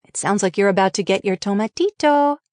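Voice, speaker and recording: A woman voicing a calm, concerned husband. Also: medium pitch, brisk, no echo, clean studio sound, natural voice. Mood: calm teasing. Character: calm, matter-of-fact husband, adult man.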